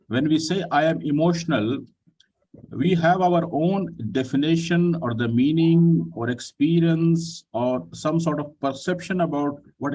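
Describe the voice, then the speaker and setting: A man hosting an online group discussion, who speaks politely and pauses often with fillers. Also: a little high, a little mellow, recorded from a distance, slight background noise, poor audio. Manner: polite, addresses people with "ji" and "sir". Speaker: session host.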